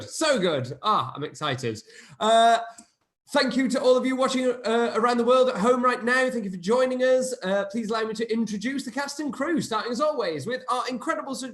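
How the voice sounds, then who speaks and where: Excited guy host, high voice, thanking everyone over a video call. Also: moderate pace. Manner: effusive, gushing with thanks. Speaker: host and director. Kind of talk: excited live-stream wrap-up.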